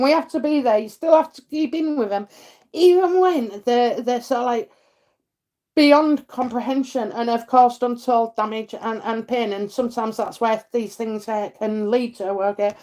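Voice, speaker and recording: A woman's voice: on the high side, steady tone, moderate pace, darkish tone. Chatty Yorkshire woman reading out comments. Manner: chatty, many fillers, laughs, calls people darling and lovely. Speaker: psychic reading host. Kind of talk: live-stream chat reading viewer comments.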